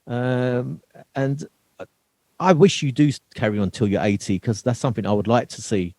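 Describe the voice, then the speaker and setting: A man's voice: mid-range voice, moderate pace, mellow, dry recording. Hesitant male podcast host. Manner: supportive, hesitant questions. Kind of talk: casual interview chat.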